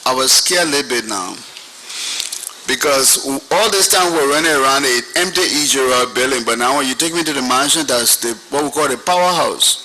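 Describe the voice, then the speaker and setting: Guy telling his story, sharp bright voice, slightly high, bit of faint noise. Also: fairly quick, rough recording. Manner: animated storyteller, lecturing the young. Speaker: witness giving testimony. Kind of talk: personal storytelling testimony.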